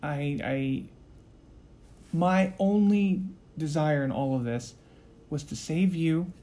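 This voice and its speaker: A hushed, halting young man who keeps apologizing and restarting his sentences, as a man puts him on in a tabletop role-play. His voice sits a little high for a man, but he keeps it low and gentle. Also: a little hiss or hum. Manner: soft, quiet, halting with repeated restarts.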